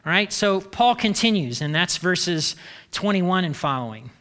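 A man's voice: sits high, very animated, a little slow, a bit bright. A middle-aged male pastor preaching a sermon in a loose, conversational way, acting out mocking complaints with sarcasm.

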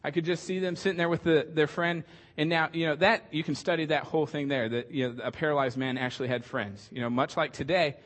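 A male pastor with a fairly high voice preaches in a loose, conversational way. He jokes often and fills his sentences with ums and restarts. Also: steady tone, quick pace, a bit bright. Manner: conversational, joking, many fillers. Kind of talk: casual sermon.

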